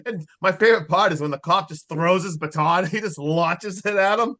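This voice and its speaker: A man co-hosting a podcast, excitedly recapping a horror movie in casual chat. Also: sits high. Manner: excitable, swears, recaps in quick bursts with laughs. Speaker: podcast co-host.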